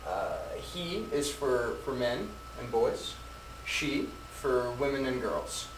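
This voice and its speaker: Male English teacher, steady mid-range voice, slow clear model sentences, roomy echo, mic set back. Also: mid-range voice, recorded from a distance, background noise. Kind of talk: recorded English grammar lesson.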